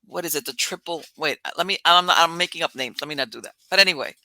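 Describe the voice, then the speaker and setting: A woman podcast host telling a story in a casual, animated way, laughing as she talks. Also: deep voice, fast talker, dry recording.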